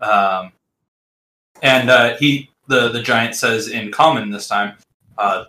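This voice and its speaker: A man's voice: medium pitch, slow, pauses often, sharp tone. A man narrating as game master of a tabletop game, describing scenes with frequent fillers and restarts. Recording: roomy echo.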